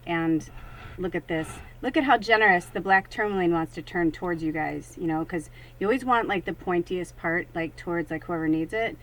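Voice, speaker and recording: A woman's voice: lowish voice, normal speed, poor audio. A woman working as a psychic medium, talking casually and animatedly to viewers during a card reading. She swears freely and acts out her own thoughts in quoted asides.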